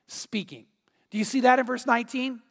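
Pastor, earnest conversational sermon, mid-pitched voice with a long hall echo. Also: fairly even intonation, fairly quick, vocal fry, fairly bright tone. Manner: earnest, conversational preaching with rhetorical questions.

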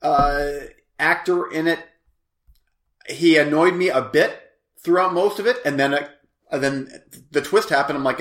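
This man co-hosts a podcast, chatting loosely about a film he's reviewing. His voice sits fairly high with a somewhat bright tone and an unhurried pace, and the space is reverberant. He wanders, laughs readily, and often abandons sentences halfway.

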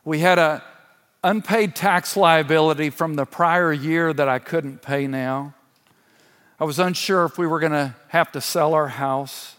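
A man's voice: a little high, a little slow, a bit bright, clean tone. A man in his sixties, a church elder, giving a sermon as an earnest personal testimony with touches of laughter. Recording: long hall reverb.

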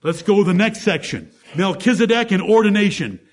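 A man's voice: sits high, lively intonation, brisk. A man preaching a sermon, teaching through Bible verses one by one in an emphatic way and asking the congregation rhetorical questions.

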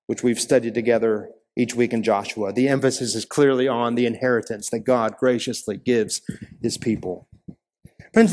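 A man's voice: medium pitch, darkish tone. Man preaching in a reverberant hall. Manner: earnest preaching with rising emphatic peaks. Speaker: pastor. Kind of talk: sermon. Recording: long reverb of a large hall.

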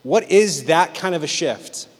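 Joking youth pastor in a reverberant hall. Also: male voice, a little high, measured pace. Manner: animated, joking, acts out quotes. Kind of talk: storytelling sermon to teens.

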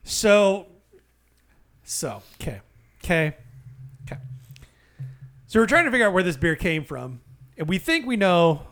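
A man co-hosting a casual beer podcast, telling a story with animated, profane exaggeration. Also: high voice, unhurried, pauses often. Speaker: podcast co-host. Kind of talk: casual beer-review banter.

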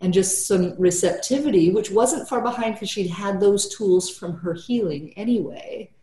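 A woman's voice: medium pitch, normal speed, warm tone, reverberant. A woman therapist telling a client story in casual podcast talk, tagging nearly every sentence with "right?" and "you know".

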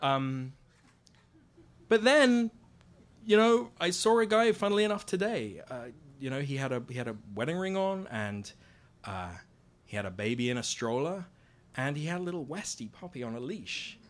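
A man's voice: on the high side, expressive, normal speed. A man telling a wry, self-mocking personal story on stage. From Britain.

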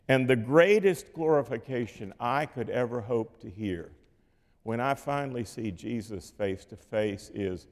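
A man preaching a sermon in a measured, rhetorical way, with dramatic pauses and dips in volume. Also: lowish voice, vocal fry, darkish tone. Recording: long hall reverb.

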